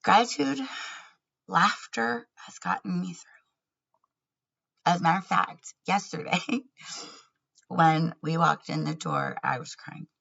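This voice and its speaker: Woman, candid vlog, gravelly, breathy, earnest, laughs between words. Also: lowish voice, sing-song, takes it slowly, pauses often, fairly bright tone, lo-fi sound. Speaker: vlogger.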